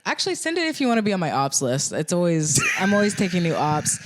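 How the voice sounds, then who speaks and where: Lively, playful young woman co-host. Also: on the low side, quick pace, very noisy. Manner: playful, giggly, animated. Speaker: podcast co-host. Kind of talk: casual podcast chat.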